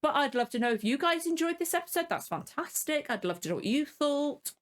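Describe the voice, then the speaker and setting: Woman, reaction vlogger, rambling, frank, irritated, fillers and restarts, slightly high voice. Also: big pitch swings, fairly quick. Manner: openly annoyed, venting. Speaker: reaction channel host. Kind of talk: casual reaction commentary.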